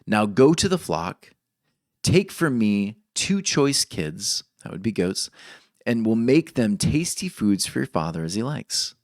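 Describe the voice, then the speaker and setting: A man's voice: fairly low pitch, very animated, unhurried, no room sound, studio quality. A man preaching a sermon, reading scripture aloud expressively and stopping to comment on it. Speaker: pastor.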